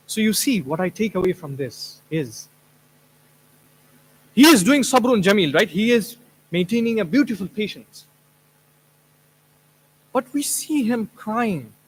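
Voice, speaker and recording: A man's voice: high-pitched, a little hiss or hum. A man, an imam, giving an earnest Quran commentary lecture, asking rhetorical questions and reciting Arabic verses. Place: mosque hall. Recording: long hall reverb.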